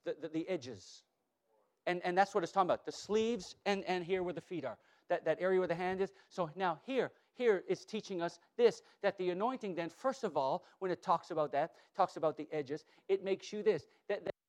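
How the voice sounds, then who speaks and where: A man preaching a sermon, emphatic, calling out to his congregation and repeating words, often dropping to a soft, low tone. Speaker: pastor.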